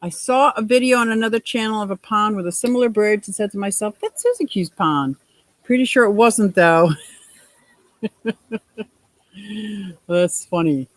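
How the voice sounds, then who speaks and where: A woman's voice: medium pitch, normal speed, long pauses, no room sound, rough recording. A middle-aged woman hosting a casual livestream chat, reading out viewer comments and laughing often. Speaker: livestream host.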